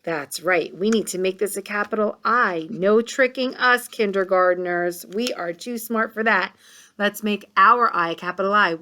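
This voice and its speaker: A woman's voice: mid-range voice, normal speed, bright, forceful tone. A woman teaching kindergartners a reading lesson, patient and encouraging, sounding out words. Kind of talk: read-along reading lesson.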